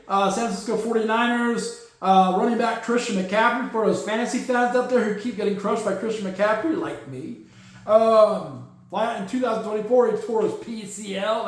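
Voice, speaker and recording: A man hosting a podcast, reading through news items in a casual chat full of jokey asides. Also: sits high. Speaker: podcast host. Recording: very echoey room.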